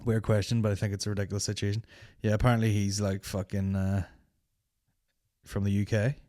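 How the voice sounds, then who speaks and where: Sweary comedy podcast host. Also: male voice, lowish voice, a little fast. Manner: profane, animated, mocking.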